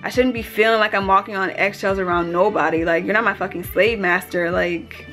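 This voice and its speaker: A woman's voice: mid-range voice, fairly quick, faint music behind. A young woman in her twenties, telling a workplace story in a casual vlog, swearing freely and acting out what other people said. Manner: animated, swears often, acts out other people's lines. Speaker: vlogger.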